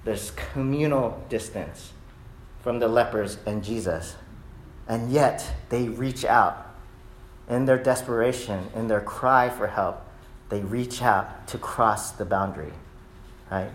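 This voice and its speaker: A man preaching a sermon in a conversational way, often asking "right?" and rising loud and high when acting out cries of prayer. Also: slight background noise. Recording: echoey room.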